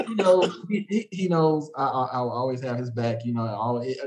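Laughing, halting man chatting. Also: mid-range voice, a little mellow, rough recording. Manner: halting, laughs between phrases. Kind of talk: casual chat among friends.

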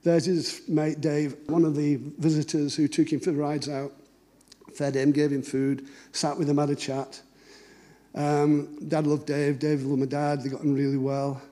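A man's voice: on the high side, little pitch movement, a little slow, dark tone. A middle-aged man, telling family stories in a conversational talk and acting out the dialogue. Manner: conversational, anecdotal, acts out dialogue. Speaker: cartoonist giving a talk. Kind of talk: storytelling talk.

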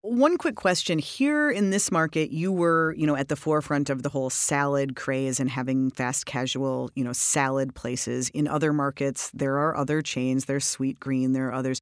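An interviewer asking short, pointed questions about the business, with quick backchannels in between. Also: mid-range voice, clear, resonant tone, no room sound, clean studio sound.

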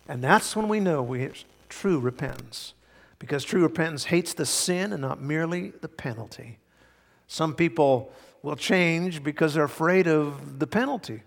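Male pastor, emphatic sermon delivery, loud then quiet, a touch high-pitched, echoing church sanctuary. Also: lively intonation, moderate pace, creaky. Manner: emphatic, swings between loud and hushed. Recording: long hall reverb.

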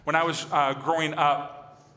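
A fairly high, bright-voiced man from Michigan preaches a sermon as a pastor, animated and acting out the voices he quotes. His voice carries a long, ringing reverb from a large hall. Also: a little slow.

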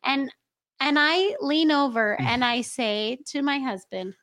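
High-voiced giggly woman telling a story. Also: takes it slowly, fairly bright tone. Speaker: guest, host's wife. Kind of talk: casual podcast chat.

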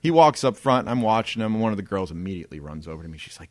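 Low-voiced man telling a rambling story. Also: fast, few pauses, dry recording. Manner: rambling storyteller, swears freely, laughs often. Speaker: podcast co-host. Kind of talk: casual podcast storytelling.

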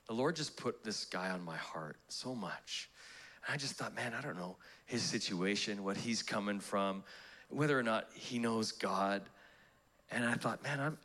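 A man's voice: fairly low pitch, a bit bright. A pastor preaching a sermon, telling a personal story in a conversational way, laughing at himself and restarting his sentences. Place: church auditorium.

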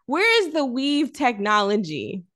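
A woman co-hosting a podcast, chatting casually about a film, animated and laughing often as she riffs. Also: fairly high pitch, measured pace. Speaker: podcast co-host.

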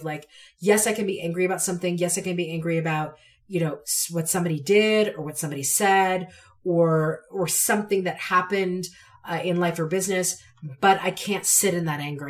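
A woman hosting a solo podcast, talking candidly and emphatically, repeating phrases to drive her points home. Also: lowish voice. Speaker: podcast host.

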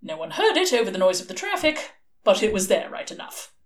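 A woman narrating a novel aloud in an expressive, lilting storytelling manner. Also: medium pitch, brisk. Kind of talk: audiobook reading.

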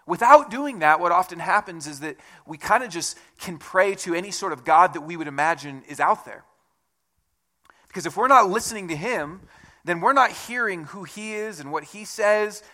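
Speaking at a normal speed, this man gives a relaxed, conversational sermon in a high, bright voice. Like a pastor addressing his congregation, he drops in self-deprecating asides, sounding lively and clear.

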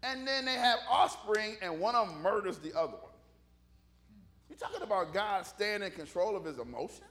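A man preaching a casual, humorous sermon, animated and conversational, joking with the congregation. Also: high voice, moderate pace.

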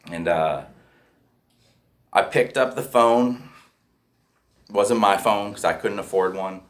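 A man's voice: lowish voice, slow. A man telling his recovery story in a candid, profane way, often checking in with "right?". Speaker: speaker sharing a recovery story. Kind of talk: personal storytelling.

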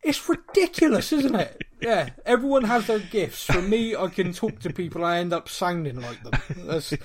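A man's voice: sits high, sing-song, normal speed. A man in his thirties with a Bristolian accent, co-hosting a podcast in casual chat, self-mocking and stumbling over repeated words. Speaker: podcast co-host.

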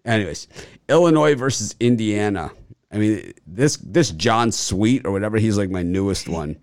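A man with a lowish voice, recorded dry and close, as he talks through a casual show segment. He rambles with lots of fillers and tends to boast. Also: lively intonation, normal speed, no room sound. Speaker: sports betting show host. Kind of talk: casual chat.

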